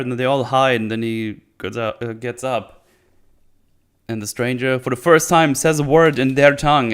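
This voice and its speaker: A man casually recapping a TV episode, sarcastic and swearing a lot, acting out characters in quick silly voices. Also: mid-range voice, fairly bright tone. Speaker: show host. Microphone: desk microphone on an arm.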